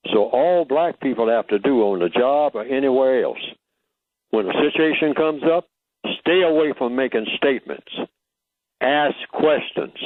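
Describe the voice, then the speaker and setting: A man speaks as a guest on a radio interview, at a middling pitch for a man. He talks in an emphatic, teacherly way and keeps asking rhetorical questions before he answers them. His voice comes through a narrow, phone-like line that sounds dry and close. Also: dry recording.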